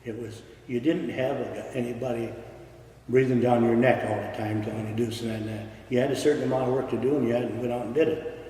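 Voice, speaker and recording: A man's voice: medium pitch, level tone, fast, warm tone, very echoey, big-room sound, far from the mic, rough recording. Older man swapping salty railroad stories. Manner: salty storytelling with swearing. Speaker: retired railroad worker. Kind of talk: oral history interview.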